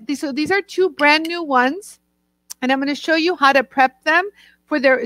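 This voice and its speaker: A bright, high-pitched woman chats on a live stream, bubbly and effusive as she greets her viewers one by one. Her voice sits close and dry on the mic, with no room around it. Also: no room sound, poor audio. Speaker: host of a live jewelry tool demo show. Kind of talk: casual live-stream chat.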